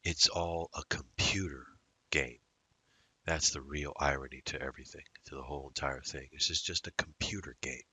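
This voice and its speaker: A man's voice: extremely low pitch, fairly even intonation, normal speed, pushed and bright, slightly rough, dry recording. A man day trader giving rambling live commentary on his trades, talking to himself and drifting into musings. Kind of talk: live trading commentary over a screen recording.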